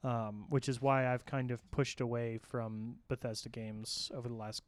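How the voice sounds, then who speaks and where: A man's voice: mid-range voice, little pitch movement, moderate pace, smooth, no echo. A man hosting a gaming podcast, reading news items steadily with small restarts and casual asides. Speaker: host and news reader. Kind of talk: podcast news rundown with banter.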